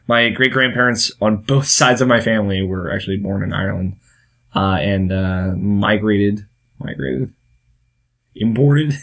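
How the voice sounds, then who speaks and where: Rambling young man, lowish voice. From United States. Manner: rambling, self-interrupting, laughs at himself. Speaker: vlog host. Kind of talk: casual talk to camera.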